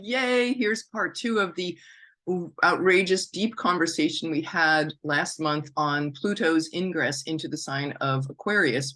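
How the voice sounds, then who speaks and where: A woman's voice: low voice, fairly bright tone. Effusive woman hosting a podcast. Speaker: podcast host. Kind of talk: casual podcast introduction.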